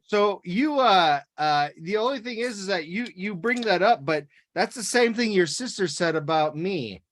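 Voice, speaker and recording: A woman's voice: medium pitch, moderate pace, a little hiss or hum. A woman co-hosting a podcast in casual chat, telling stories animatedly, with frequent restarts and laughter. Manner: animated storyteller, restarts often, laughs along. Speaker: podcast co-host.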